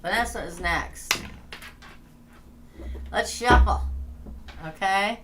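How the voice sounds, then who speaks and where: A woman's voice: medium pitch, slow, noisy background. A woman tarot reader hosting a casual livestream, chatting, laughing and reading names off a list.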